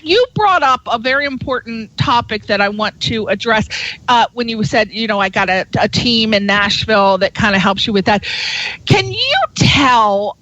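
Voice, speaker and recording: A woman hosting a radio interview show, animated and exclamatory as she asks questions. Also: on the high side, no echo, muffled recording.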